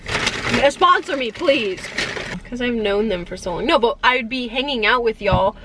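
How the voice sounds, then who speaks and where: A woman's voice: on the high side, animated, unhurried, background noise. A young woman chatting casually with a friend, playful and jokey. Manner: playful, jokey, bursts into song. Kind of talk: casual chat. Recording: music playing in the background.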